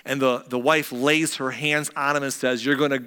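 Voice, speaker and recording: Bright-voiced man preaching in a reverberant hall. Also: medium pitch, flat delivery, normal speed, smooth. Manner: conversational, joking asides to a laughing congregation. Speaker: pastor. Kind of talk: sermon.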